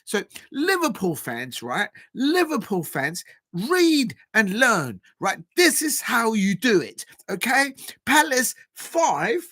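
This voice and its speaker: A man hosting a live football watch-along stream. His voice swings widely in pitch, jumping from low grumbles to high, shouted outbursts of disbelief. He rants at rival fans in a loose, exasperated way. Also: wildly swooping pitch, takes it slowly.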